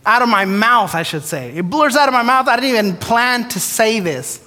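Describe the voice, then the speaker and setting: Extremely high-pitched and sharp, with lively intonation at a normal speed, this preacher tells his testimony in a church sanctuary full of long hall echo. His storytelling sermon is candid and self-deprecating, complete with acted-out prayers and dialogue.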